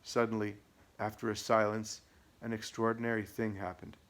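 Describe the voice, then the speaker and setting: A man narrating an audiobook in a measured, matter-of-fact way. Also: lowish voice, level tone, fairly bright tone. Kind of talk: audiobook reading.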